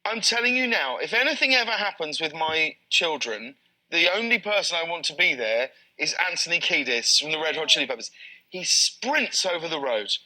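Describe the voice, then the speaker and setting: A bright-toned man in his thirties tells an excitable anecdote on a talk show. He speaks in quick bursts, restarting his sentences often as the story picks up speed. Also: a little high, rough recording. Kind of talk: casual chat, animated anecdote.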